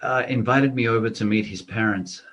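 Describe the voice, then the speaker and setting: A middle-aged Australian comedian telling lively anecdotes in a casual interview. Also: male voice, mid-range voice, fairly quick. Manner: animated anecdotes with laughter. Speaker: comedian guest.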